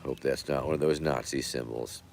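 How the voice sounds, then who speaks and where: Hoarse man, very deep voice, rambling deadpan stream chat. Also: moderate pace, no echo. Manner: rambling, deadpan jokey, many fillers. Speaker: livestream host.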